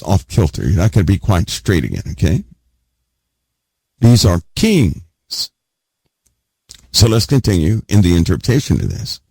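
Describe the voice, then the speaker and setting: A male preacher teaching from scripture, his low voice gravelly and a little husky. He leans on the same words again and again and throws questions at the room, his pitch swinging widely. The sound is dry and close. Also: warm tone, no echo. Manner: emphatic, repeats key words, asks the audience questions. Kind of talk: sermon teaching.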